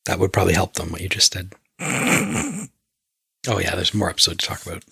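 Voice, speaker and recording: A man's voice: deep voice, little pitch movement, fast talker, vocal fry, sharp tone, slightly rough, no room sound, studio quality. A man co-hosting a podcast in casual chat, stammering and restarting as he rants. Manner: stammers and restarts while ranting. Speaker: podcast co-host.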